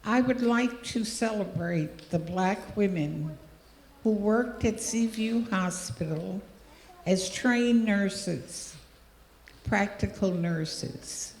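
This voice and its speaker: An older woman speaks very slowly and deliberately as an honored guest, gracious in tone. Her voice carries through a roomy hall with a long, lingering reverb. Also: medium pitch, gravelly, darkish tone. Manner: very slow, deliberate, gracious delivery. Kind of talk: formal ceremony speech. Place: large hall.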